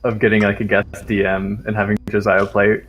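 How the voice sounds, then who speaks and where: A man's voice: on the low side, completely flat delivery, brisk, music in the background. A man chatting as a player in a tabletop game, explaining rules and laughing easily. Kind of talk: casual chat at a tabletop game.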